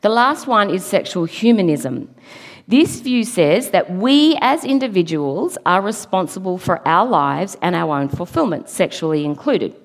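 A woman's voice: fairly low pitch, expressive, measured pace. A middle-aged woman giving an earnest, emphatic church talk, now and then laughing at her own slips. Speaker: preacher. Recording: long hall reverb.

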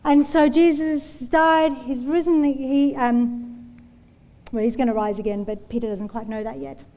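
A woman's voice: sits high, fairly even intonation, unhurried, mellow. A woman preaching a sermon in a church, telling Bible stories in an earnest, conversational way. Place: church hall. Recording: long hall reverb.

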